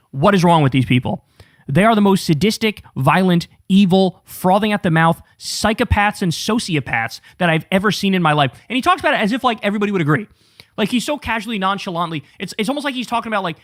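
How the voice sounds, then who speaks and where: A high-voiced man rants through political commentary, sarcastic, incredulous and profane. The sound is dry and close, with no room around it. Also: animated, fast talker, fairly bright tone, no room sound.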